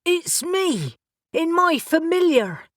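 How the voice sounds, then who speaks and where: A woman voicing a brash, impatient young male witch who shouts and teases in an audiobook. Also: a little high, lively intonation, unhurried, dry recording, studio quality. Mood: shouting.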